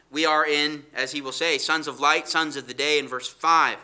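Male preacher, bright ringing voice on the high side, leans hard on scripture with slow emphatic stresses. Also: fairly even intonation, clean tone. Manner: asks rhetorical questions. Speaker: Bible teacher. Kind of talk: expository sermon.

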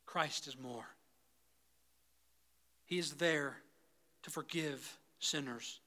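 A man preaching a sermon as pastor, swinging between loud, rising intensity and soft, low pleading, often calling the congregation "guys". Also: drawn-out words. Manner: repeatedly addresses the congregation as "guys".

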